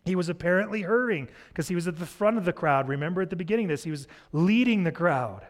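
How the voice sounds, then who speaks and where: Male pastor, expository sermon, casual delivery, slightly higher pitch. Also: animated, fast talker. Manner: conversational, expository preaching.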